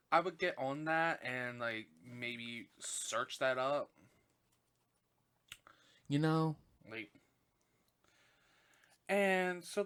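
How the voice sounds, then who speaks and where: A man hosting a podcast, recapping a film in casual chat, swearing constantly and gushing or fuming as he retells the plot with fillers and quick self-corrections. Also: fairly high pitch, fairly bright tone, clear, resonant tone. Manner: profane, gushing and indignant, heavy swearing. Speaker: podcast host.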